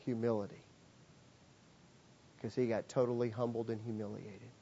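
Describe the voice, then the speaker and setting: A man's voice: mid-range voice, little pitch movement, normal speed, vocal fry, mellow, highs cut off, a little hiss or hum. A man preaching a sermon, earnest and emphatic, repeating key phrases for weight. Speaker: pastor.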